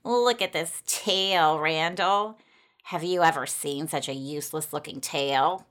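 A woman's voice: low-pitched, a little slow, a bit bright. A woman voicing a mocking male mouse warrior who taunts a comrade, in a storybook reading. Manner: sneering, taunting.

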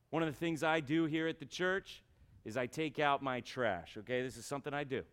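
Smooth-voiced male pastor preaching. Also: medium pitch, a little fast, a bit bright. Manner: conversational preaching with acted-out everyday voices. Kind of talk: sermon. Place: church.

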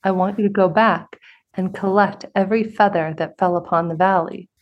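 A woman voicing a calm, wise old male village sage in a spoken parable, with a measured, instructive delivery. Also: medium pitch, dull audio, natural voice.

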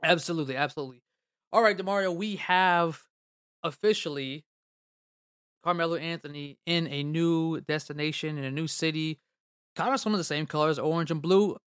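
A man's voice: a little high, sharp tone, smooth, no room sound, studio quality. A man hosting a casual sports talk show, loose and rambling with many fillers. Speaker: sports podcast host.

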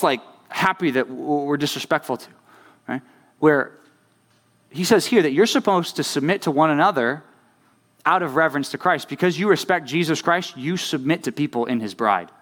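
This youth pastor's voice is medium in pitch with a fairly bright tone. The young man delivers a sermon to a youth group in a conversational manner. Again and again he asks his listeners "right?"

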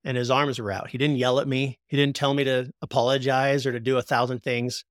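A man in his forties, a podcast guest and prison minister, giving an earnest, heartfelt testimony that slows down for emphasis like a preacher. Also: medium pitch, level tone, no room sound, clean studio sound.

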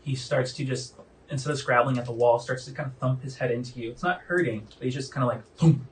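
A man's voice: medium pitch, quick pace, a little hiss or hum. Casual male game master, distant mic. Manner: casual, descriptive, many fillers. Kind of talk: narrating a tabletop game. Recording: distant mic with faint music.

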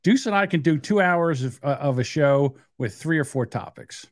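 A man's voice: a little high, animated, moderate pace, dry recording, studio quality. A man co-hosting a casual podcast who rambles and banters with many fillers. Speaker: podcast co-host.

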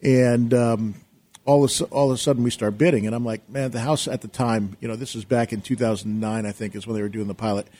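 A middle-aged man, a guest on a talk show, telling a rambling, animated story and acting out quotes loudly. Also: medium pitch, fast. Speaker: guest, real estate investor.

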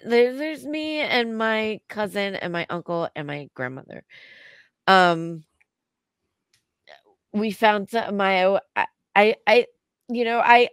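Emotional woman speaking slowly. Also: mid-range voice, smooth, dry recording. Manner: halting, emotional, many restarts. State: emotional, near tears. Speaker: co-host. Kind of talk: casual podcast chat.

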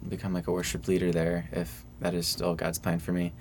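A young man from Michigan, a student songwriter, answering interview questions casually in a soft, hesitant way full of fillers. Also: low-pitched, completely flat delivery, fairly quick, creaky, a little hiss or hum. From Michigan, USA. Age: young adult.

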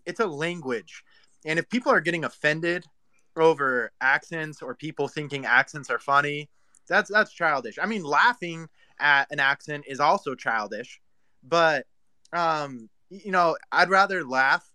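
A man's voice: a little high, pushed and bright, clear, resonant tone, no echo. A man hosting a casual online voice chat, cutting in to tease and then talking at length.

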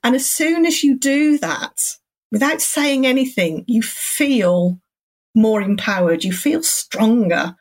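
Calm encouraging woman. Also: a little high, slow pace. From England. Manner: calm, encouraging, rambling explanations. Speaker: cancer support centre guest. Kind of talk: podcast interview.

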